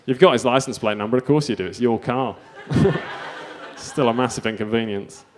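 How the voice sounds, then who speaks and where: A man's voice: mid-range voice, normal speed. A man doing a stand-up set, delivering self-mocking absurd one-liners. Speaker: stand-up comedian.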